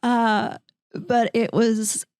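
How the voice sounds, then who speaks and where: A middle-aged woman, a guest telling a personal story in an interview, animated and voicing the people in her story. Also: on the high side, extremely slow, smooth, no room sound, clean studio sound. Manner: animated, acts out quoted dialogue, frequent restarts. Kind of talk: conversational storytelling.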